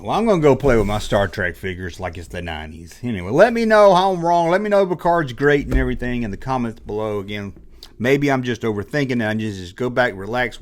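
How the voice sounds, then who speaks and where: A man hosting his own channel, giving an exasperated, sarcastic rant in a commentary vlog. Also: mid-range voice. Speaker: channel host.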